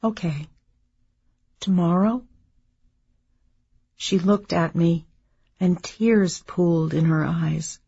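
A woman narrating a memoir in a measured, subdued reading. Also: on the low side, steady tone, creaky, dark tone, breathy edge, muffled recording.

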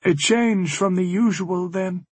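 A man's voice: high-pitched, a little slow, husky, dry recording, voice pushed up. A man voicing a cryptic taunting woman. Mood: dry. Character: cold teasing scheming woman, otherworldly. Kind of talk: audiobook character voice.

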